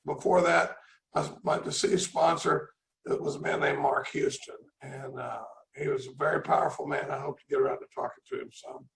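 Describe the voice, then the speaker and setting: Gravelly, folksy man. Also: on the high side, little pitch movement, moderate pace, roomy sound, slight background noise, poor audio. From Dallas, Texas. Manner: rambling, repeats words, folksy. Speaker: recovery meeting speaker. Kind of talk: personal recovery talk. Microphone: video call.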